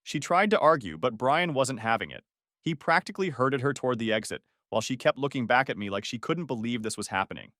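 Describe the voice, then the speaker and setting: A man's voice: mid-range voice, animated, fast, a bit bright, no room sound. A man narrating a first-person story in a dry, sarcastic manner, close to the mic.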